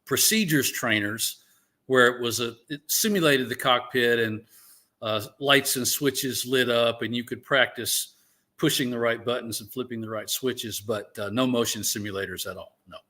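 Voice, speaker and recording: An older man from Alabama, a veteran guest telling stories slowly, with "uh" pauses in an interview. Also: medium pitch, pushed and bright. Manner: unhurried, drawn-out delivery with frequent "uh" pauses. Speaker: guest, veteran naval aviator. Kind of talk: relaxed storytelling interview.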